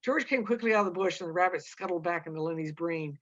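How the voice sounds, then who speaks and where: A woman reading a novel aloud in a plain, steady narrating voice. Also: fairly low pitch, fast talker. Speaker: reader. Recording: dull lo-fi recording.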